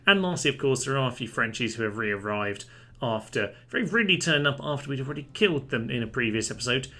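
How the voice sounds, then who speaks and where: A man commentates on a strategy game playthrough as its host, in a chatty, wry voice with a dry sense of humour. His tone is bright and clear. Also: medium pitch, animated, fast. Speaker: let's play host.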